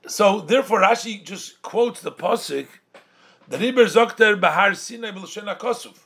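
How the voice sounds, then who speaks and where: A man's voice: high-pitched, normal speed, creaky, fairly bright tone. A man with a somewhat raised voice teaches a Torah text. He reads a phrase, translates it, then restates the point in a sing-song study cadence, slipping Yiddish and Hebrew terms into his English. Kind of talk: Talmudic-style study lesson.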